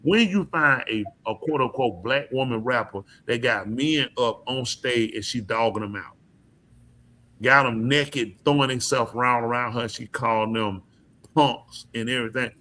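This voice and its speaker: A man's voice: medium pitch, normal speed, sharp tone. A man hosting a podcast, talking in a casual, emphatic and preachy way, often asking his listeners questions. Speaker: podcast host. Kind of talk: casual opinion talk.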